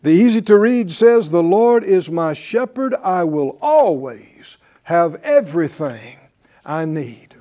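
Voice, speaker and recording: Male pastor, fairly high mellow voice, emphatic call-and-response sermon in church. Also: very animated, slow. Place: church before a live congregation.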